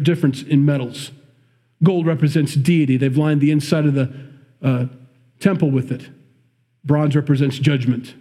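A man's voice: a little high, dark tone. A man with a Midwestern accent preaching a sermon, reading scripture and breaking off into conversational, emphatic commentary. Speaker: pastor.

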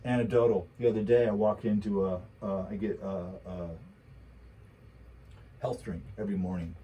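A man's voice: on the low side, steady tone, moderate pace, mellow, husky, low-quality recording. A man talking politics in a casual chat, ranting heatedly with lots of rhetorical repetition. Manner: mocking quoted voices.

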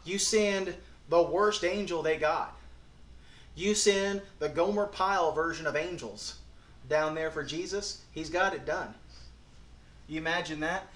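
An earnest, folksy male pastor, his voice sitting a touch high as he moves between hushed reflection and emphatic, pressing lines. The sermon rings out in a roomy, echoey hall. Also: unhurried.

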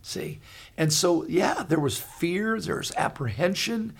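A man in his sixties, co-host of a Christian talk show, telling stories in an earnest, halting way with many restarts. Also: high voice, expressive, creaky, slightly rough. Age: 60s. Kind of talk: conversational storytelling.

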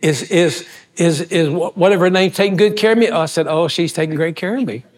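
A pastor delivers a storytelling sermon in a folksy, animated way. His voice sits a little high for a man. He acts out the other people in his stories as he goes. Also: fairly quick.

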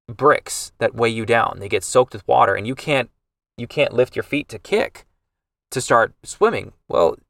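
A man's voice: on the low side, a bit bright, no room sound, far from the mic. A man hosting a podcast, telling an emotional family story in a rambling, casual way with many restarts. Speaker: podcast host.

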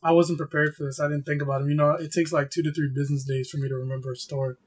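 Husky, dry-witted podcast co-host, a man. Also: fairly high pitch, little pitch movement, racing. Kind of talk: casual chat.

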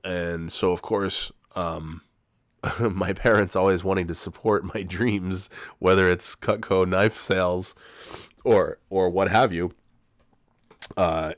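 Low-voiced man rambling through a story. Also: fairly even intonation, slow pace, dry recording, clean studio sound. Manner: rambling, profane, self-correcting. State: has a cold. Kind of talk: casual storytelling monologue.

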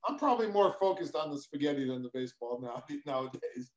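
A man's voice: medium pitch, lively intonation, fast talker, a crowd in the background, poor audio. A man as a guest on a casual video call, easygoing and hesitant with many fillers. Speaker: guest, former ballplayer. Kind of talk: casual interview chat.

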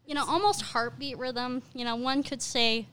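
A young woman with a slightly high voice chats candidly on a podcast, giggling and slipping into playful inner voices. A faint hiss sits under her speech. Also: normal speed, sharp tone. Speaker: podcast co-host. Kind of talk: casual chat.

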